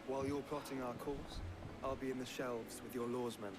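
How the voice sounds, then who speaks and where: A calm, scholarly ally, measured and polite, voiced by a man in a middle register. Loud game music plays behind him. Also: medium pitch, close to an everyday voice.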